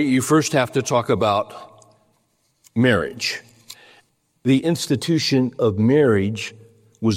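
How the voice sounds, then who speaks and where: A man's voice: mid-range voice, long reverb tail. An older man preaching a sermon, telling stories with emphasis and acting out quoted voices. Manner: storytelling, emphatic, acts out quotes in a raised voice. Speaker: pastor.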